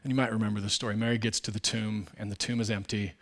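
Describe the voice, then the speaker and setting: A man preaching a sermon in a conversational, candid way, full of asides, who swings between loud emphatic bursts and quiet low asides. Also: level tone, fast. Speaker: pastor.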